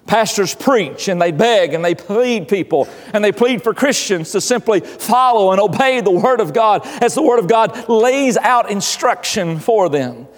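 A man's voice: high voice, big-room sound. A male pastor delivering an earnest sermon in a church, often repeating his phrases. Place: church sanctuary.

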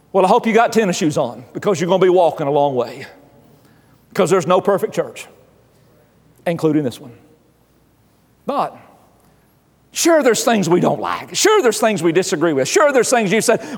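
A man's voice: high voice, sing-song, normal speed, long reverb tail. A male pastor delivering an earnest sermon in a church, often repeating his phrases. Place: church sanctuary.

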